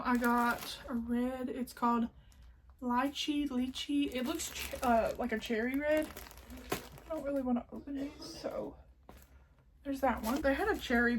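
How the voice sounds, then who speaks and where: A woman's voice: on the high side, a little hiss or hum. A woman with a Southern country accent, showing off a yarn haul in a rambling, casual way with lots of fillers and some near-whispered asides. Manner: chatty, rambling, many "like" fillers, drops to a near-whisper at times. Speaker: crafting vlogger. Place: home, indoors.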